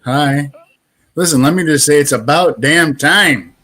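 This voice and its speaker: A man's voice: a little high, unhurried, pushed and bright. A man chatting casually as a regular guest on a live stream, friendly and encouraging viewers to comment. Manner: friendly, relays others' remarks, urges chat comments.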